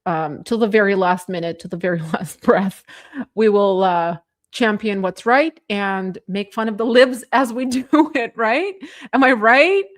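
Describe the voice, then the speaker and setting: A woman's voice: mid-range voice, unhurried. A woman hosting a casual political livestream, reading viewer comments and chatting with a sarcastic edge, laughing often. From Canada. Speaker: livestream host reading chat.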